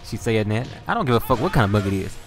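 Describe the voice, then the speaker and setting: A man's voice: lowish voice, very animated, fast, music in the background. A man from Louisiana with a Southern US accent, telling stories in a laid-back, profane way. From Louisiana, Southern United States. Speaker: gaming video host. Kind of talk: casual storytelling over gameplay.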